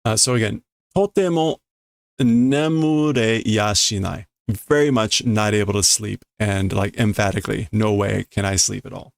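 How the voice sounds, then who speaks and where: A man streaming a casual read-through of a comic, translating line by line in a halting, self-correcting way and chuckling often. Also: fairly low pitch, fairly even intonation, creaky, no room sound, clean studio sound. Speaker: streamer reading manga to learn a language.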